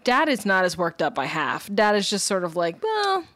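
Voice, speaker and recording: Woman podcast co-host, casual, dry studio sound, laughs a lot, does quick voices. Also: on the low side, animated, fairly bright tone, dry recording. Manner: laughs often, acts out characters' lines in quick voices. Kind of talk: casual chat recapping a TV episode.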